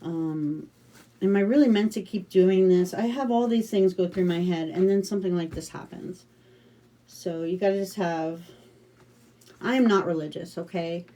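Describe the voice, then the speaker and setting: A woman's voice: fairly low pitch, normal speed, dark tone. A middle-aged American woman hosting a casual craft livestream, chatting and telling stories with lots of fillers and restarts. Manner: chatty, rambling storytelling with many fillers.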